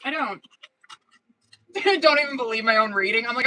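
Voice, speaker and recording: A woman's voice: on the high side, animated, unhurried, a bit bright, rough recording. A woman giving tarot readings on a casual live stream, slangy and profane, laughing often and calling viewers girl and boo. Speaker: tarot reader.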